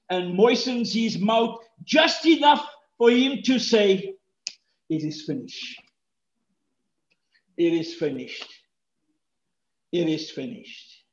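A male pastor preaching a sermon, swinging from hushed tones to shouts and repeating key phrases for stress. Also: high voice, echoey room, highs cut off.

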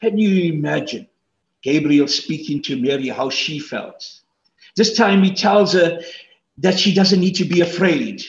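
A man preaching a sermon as pastor, swinging between loud emphatic peaks and hushed asides. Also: on the high side, animated, unhurried, reverberant, dull audio, slight background noise.

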